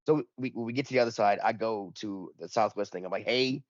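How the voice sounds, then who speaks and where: A man's voice: fairly low pitch, a little fast, dry recording, highs cut off. A man in casual podcast chat, telling a rambling, profane anecdote and acting out the dialogue in it. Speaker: podcast panelist.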